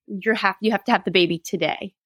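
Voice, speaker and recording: A woman's voice: mid-range voice, steady tone, fast, fairly bright tone, husky, no room sound. A woman in her thirties, a guest telling a personal story in a candid, rambling way, with laughs and quoted asides. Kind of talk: casual interview storytelling.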